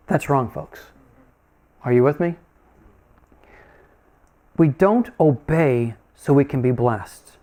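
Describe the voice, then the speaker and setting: A man's voice: mid-range voice, a little mellow. A man preaching a sermon in a conversational, folksy way, often asking his listeners questions.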